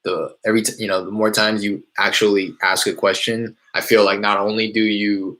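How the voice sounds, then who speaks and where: A man casually explaining how he makes cold calls, in a loose, rambling way with many fillers, from a small warm room. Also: fairly low pitch, little pitch movement, fairly quick. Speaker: real estate wholesaler teaching cold calling. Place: small hot indoor room.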